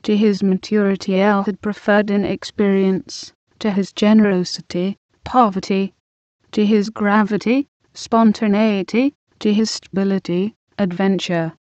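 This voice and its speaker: Slow, deliberate woman reading aloud. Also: mid-range voice, little pitch movement, darkish tone, no echo. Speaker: audiobook reader. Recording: dull lo-fi recording.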